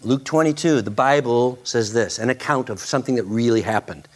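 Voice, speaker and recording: A man's voice: medium pitch, a little fast. A male pastor preaching a sermon, dramatic and repeating phrases for emphasis.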